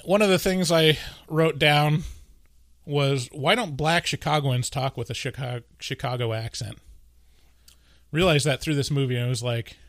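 An animated man chatting casually as a podcast co-host. His voice sits a little high, and he rambles and cracks jokes. The recording is dry and close. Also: moderate pace, no echo. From US West Coast. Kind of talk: casual chat.

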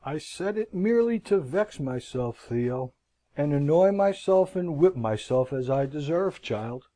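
A man's voice: a little high, lively intonation, measured pace, dark tone, low-quality recording. A man voicing a proud, impulsive young girl who scolds herself in passionate, self-mocking outbursts, in an audiobook reading. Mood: defiant.

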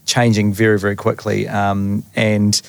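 A man, a business guest talking quickly and eagerly in a casual chat. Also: fairly low pitch, completely flat delivery, vocal fry, no room sound. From New Zealand. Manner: quick, enthusiastic, full of restarts. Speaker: company guest.

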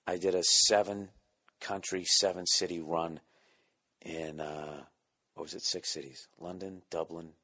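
Deep-voiced male comic host, solo podcast monologue, profane, self-deprecating, drops into goofy voices. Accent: Boston. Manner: profane, self-mocking, jumps into silly voices; keeping voice down, quiet and low at times. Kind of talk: rambling comedic monologue.

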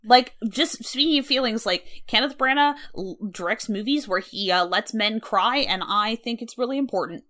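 A woman's voice: fairly high pitch, moderate pace, hardly any pauses, sharp tone. A woman co-hosting a podcast in casual chat, emphatic and playful, with swearing sprinkled through. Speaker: podcast co-host.

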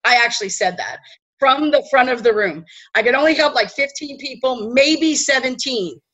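A woman telling a personal story in a chatty, animated way, often checking in with her listeners. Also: high-pitched, moderate pace, low-quality recording. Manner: chatty, animated, tag questions. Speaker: host. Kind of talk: storytelling talk.

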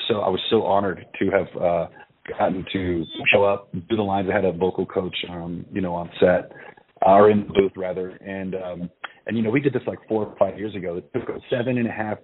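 A man's voice: low voice, fairly even intonation, brisk, husky. A man, an actor and producer, chatting as a guest over the phone, rambling with lots of fillers and restarts. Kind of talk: casual interview over a phone line. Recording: tinny phone line with faint noise.

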